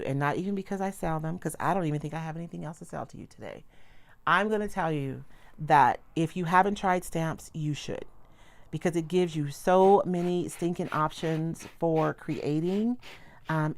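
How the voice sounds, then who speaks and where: Middle-aged woman, chatty livestream craft host, low gravelly voice. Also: moderate pace. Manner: chatty, rambling, self-interrupting. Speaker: craft product demonstrator. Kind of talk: casual livestream craft demo. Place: home craft table.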